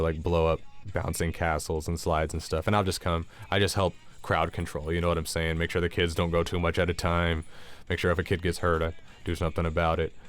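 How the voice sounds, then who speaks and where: A man vlogging in casual storytelling mode, swearing freely and acting out what people said. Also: smooth. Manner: animated, swears a lot, acts out quotes with raised pitch.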